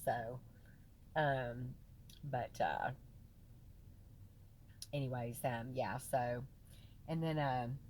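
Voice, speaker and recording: Low-voiced chatty woman vlogger. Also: drawn-out words, pauses often, darkish tone, slight background noise. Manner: chatty, folksy, lots of fillers and "y'all"; swings between laughing and tearful. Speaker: vlogger sharing her health journey. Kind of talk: casual direct-to-camera chat.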